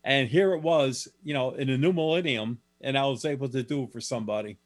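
A man's voice: medium pitch, fairly quick. Male guest author, plain storyteller, mid-range voice, matter-of-fact delivery. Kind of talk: storytelling in a radio interview.

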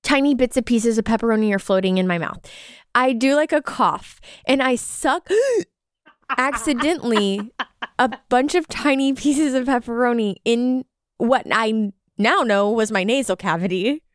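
A young woman co-hosts a casual podcast, her voice smooth and resonant and a little high. She tells stories with animation and acts out the scenes. The sound is dry and close. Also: a little slow, no echo. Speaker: podcast co-host. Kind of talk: casual chat.

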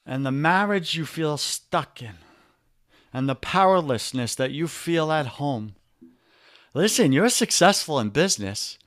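Podcast guest: New York man, slightly high voice, dry close sound, punchy and preachy. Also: expressive, measured pace, a bit bright, no echo. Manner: emphatic, preachy, talks straight to listeners as "brother". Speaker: guest, men's coach. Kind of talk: podcast interview.

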